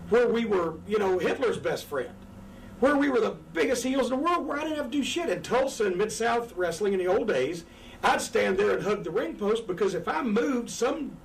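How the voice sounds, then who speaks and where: A man who managed wrestlers, talking profanely and frantically from a couch in a shoot interview. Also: high-pitched. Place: sitting on a couch indoors. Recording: distant mic with faint background noise.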